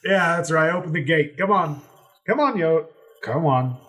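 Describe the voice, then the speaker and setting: A man playing a fussy gatekeeper who coaxes and fusses in a chummy, hurried way. His voice sits a little higher than his own, with a wheedling edge. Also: expressive, fairly bright tone. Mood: pleading. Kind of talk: tabletop role-play character voice.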